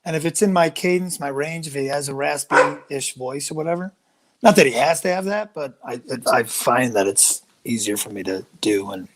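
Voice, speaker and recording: A man guesting on a podcast over a video call, an animated storyteller who slips into impressions. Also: mid-range voice, moderate pace, low-quality recording. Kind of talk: casual podcast chat.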